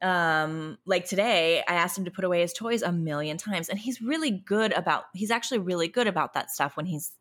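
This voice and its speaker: A young adult woman and parent of a toddler, exhausted, talking candidly in a halting, self-interrupting, emotionally raw way. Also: lowish voice, a bit bright. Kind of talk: candid conversational chat.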